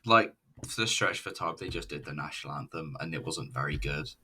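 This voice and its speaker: A man's voice: very deep voice, expressive, brisk, sharp tone, slight background noise. A man reviewing a wrestling show in casual, rambling commentary, blunt and sweary. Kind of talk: casual commentary over footage.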